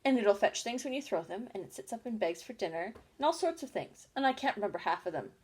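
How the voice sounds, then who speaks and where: A polite, curious young girl from a storybook, chattering eagerly and half to herself, as a woman reader voices her. The voice sits close to an everyday woman's pitch with a light, well-mannered lilt. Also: very animated, fast, darkish tone, husky. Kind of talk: storybook reading.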